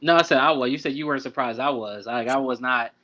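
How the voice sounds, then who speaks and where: A man's voice: medium pitch, fast talker, background noise. A young man talking loosely on a podcast, telling a personal story full of fillers and asides. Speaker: podcast co-host. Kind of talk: casual storytelling. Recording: dull lo-fi sound.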